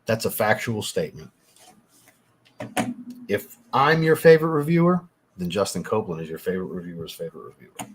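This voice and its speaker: A man's voice: lowish voice, lively intonation, a little fast, pauses often, noisy background. A man hosting a casual livestream, chatting with viewers and thanking them, laid-back and swearing now and then. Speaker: livestream host, fragrance reviewer. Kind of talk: casual livestream chat reading super chats.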